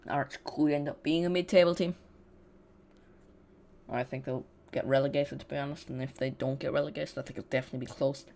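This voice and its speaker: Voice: medium pitch, steady tone, a little fast, creaky, a little mellow. Chatty football stream host. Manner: rambling, chatty, talks straight to viewers. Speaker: football watch-along streamer. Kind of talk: casual live watch-along commentary.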